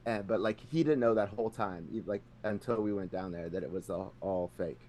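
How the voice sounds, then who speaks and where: Laid-back storytelling man, lowish voice. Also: fairly quick, a little mellow, a little hiss or hum. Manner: laid-back storyteller, laughs often, slips into voices when quoting. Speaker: podcast co-host. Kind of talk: casual chat.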